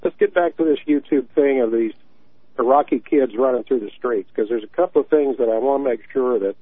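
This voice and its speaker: A man's voice: mid-range voice, brisk, husky, no room sound. Earnest older man on a phone line. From Tennessee. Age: 60s. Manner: earnest, repeats words when stressing a point. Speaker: caller. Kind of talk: call-in radio talk. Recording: tinny dry phone line.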